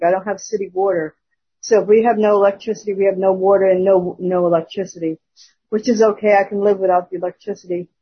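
A church member giving a spoken testimony on an online prayer service, talking earnestly and haltingly over a phone. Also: mid-range voice, breathy edge. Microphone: phone on a call. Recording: muffled lo-fi call audio.

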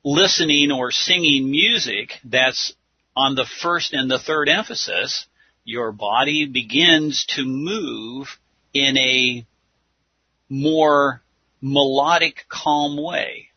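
A man teaches methodically in a slow, unhurried delivery and counts out his points step by step. His voice is husky, and the dry, dull lo-fi recording has no room echo. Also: medium pitch. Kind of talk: religious teaching talk. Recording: dull lo-fi sound.

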